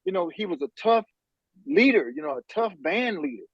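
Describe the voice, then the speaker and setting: A man's voice: high-pitched, brisk, breathy edge, no room sound, highs cut off. A man, a podcast guest and musician, telling stories casually with slang and bursts of laughter. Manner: animated, laughing storyteller with slang. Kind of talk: casual storytelling.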